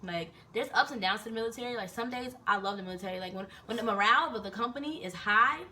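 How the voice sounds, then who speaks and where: Fast-talking young woman telling a story. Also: on the high side. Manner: animated, profane, rambling. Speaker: vlogger and soldier. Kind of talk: casual storytelling chat. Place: indoors in Korea. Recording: distant mic with faint noise.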